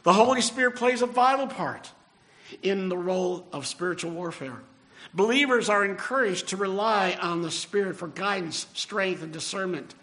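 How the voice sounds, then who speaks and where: An older male pastor delivers an earnest sermon in a notably high-pitched voice. He pushes his voice up for emphasis and slows down to land the key phrases. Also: a bit bright.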